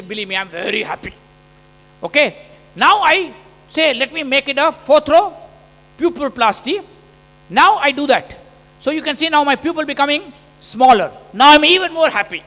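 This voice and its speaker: A man with an unusually high, bright voice lectures from a conference stage, animated and joking as he narrates a surgery in the first person. His voice carries a long hall reverb through the stage microphone. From India. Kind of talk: conference lecture over surgical video.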